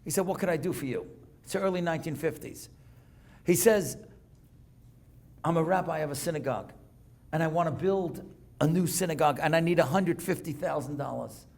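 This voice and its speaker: A man, a rabbi telling a story to a congregation, dropping to a hushed voice at moving moments and rising for emphasis. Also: on the high side, a little fast, creaky, long pauses. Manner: dramatic storyteller, drops to a hushed voice for emotional moments, rises for emphasis. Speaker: rabbi and speaker. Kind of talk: storytelling lecture. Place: synagogue lecture hall.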